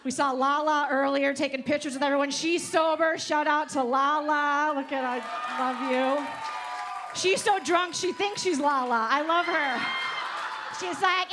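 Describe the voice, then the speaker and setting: A woman's voice: high-pitched, fairly even intonation, unhurried, a crowd in the background, noisy background. A woman doing a brash, profane stand-up set at a live show, teasing the audience. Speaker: stand-up comedian. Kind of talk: stand-up set with crowd work. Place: live comedy show on stage.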